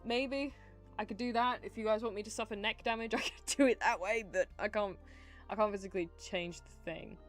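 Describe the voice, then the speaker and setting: A woman's voice: medium pitch, fairly even intonation, brisk. Young female streamer, rambling and giggly, casual swearing, faint music underneath. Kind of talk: casual livestream chat while drawing.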